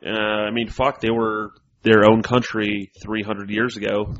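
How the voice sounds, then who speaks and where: Joking podcast co-host, lo-fi sound. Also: male voice, lowish voice, little pitch movement, unhurried, slight background noise. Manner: loud, joking, reads from a screen. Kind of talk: casual group chat. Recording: dull lo-fi sound.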